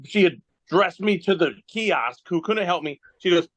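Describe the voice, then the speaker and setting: A man's voice: sits high, normal speed, a bit bright, dry recording, rough recording. A man telling rambling, self-mocking stories in a casual podcast chat over a phone video call. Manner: rambling storyteller who laughs at himself. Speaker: guest wrestler.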